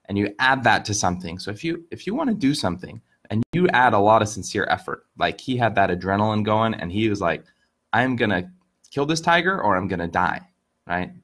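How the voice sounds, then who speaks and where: A man with a fairly low voice tells an old fable as a relaxed online lesson. He talks in a lively, chatty way, stumbling over and repeating his words as he goes. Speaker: online Chinese idiom teacher. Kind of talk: casual storytelling lesson to camera.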